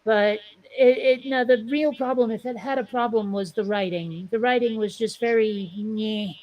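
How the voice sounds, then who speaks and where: A woman's voice: on the high side, steady tone, moderate pace, muffled recording. A woman in casual podcast chat, blunt and opinionated, swearing for emphasis. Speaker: podcast panelist.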